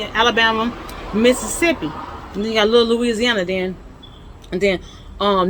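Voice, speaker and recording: A woman's voice: a little high, fairly bright tone, a little hiss or hum, low-quality recording. A woman with a Southern US accent, explaining history in a chatty, folksy way with lots of asides. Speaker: host teaching history. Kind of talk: casual explainer talk.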